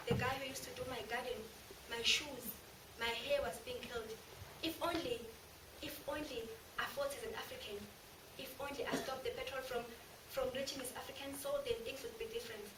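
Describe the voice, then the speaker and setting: A drama student performing a stage monologue as a remorseful woman haunted by a mob killing, anguished and confessional, swinging from hushed to loud. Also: sits high, natural voice. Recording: echoey room, from far off, noisy.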